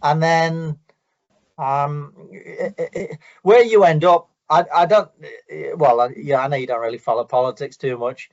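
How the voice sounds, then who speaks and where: A man hosting a casual conversation, talking in halting bursts with many repeated words and restarts. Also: on the high side, dull audio. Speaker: host. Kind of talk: casual chat.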